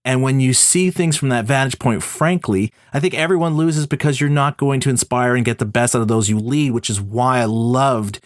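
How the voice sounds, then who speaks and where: A man's voice: mid-range voice, normal speed, few pauses, no echo, clean studio sound. Canadian man hosting a podcast. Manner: thoughtful, builds long summarizing questions. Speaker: podcast host. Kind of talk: conversational interview.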